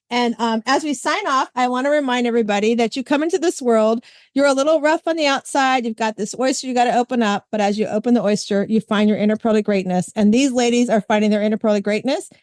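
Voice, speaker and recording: A woman hosting a podcast, chatting casually and retelling stories with lively quoted voices. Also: fairly high pitch, dry recording, clean studio sound. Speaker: podcast host. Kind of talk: casual chat.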